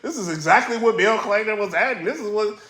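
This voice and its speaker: A man blogging about the battle rap scene in a casual commentary vlog, telling stories in a slangy, animated way. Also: high voice, fast talker, roomy sound.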